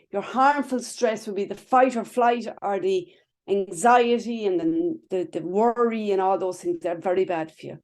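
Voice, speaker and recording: A woman's voice: mid-range voice, darkish tone. A woman teaching a class over a video call, chatty, explaining with everyday images and checking in with "right?" and "okay?" after nearly every phrase. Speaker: wellness instructor.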